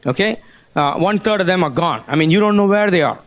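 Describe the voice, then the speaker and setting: A high-pitched man gives a motivational business seminar talk. He keeps prodding the audience with rhetorical questions and calls of "Hello?". He explains his points while sketching on a board. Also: animated, fairly quick.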